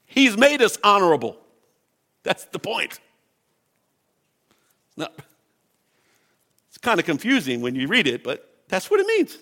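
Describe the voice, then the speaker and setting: Male pastor, passionate sermon delivery, bright tense tone, a bit higher than most men. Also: wildly swooping pitch, measured pace, pauses often. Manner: impassioned, emphatic preaching.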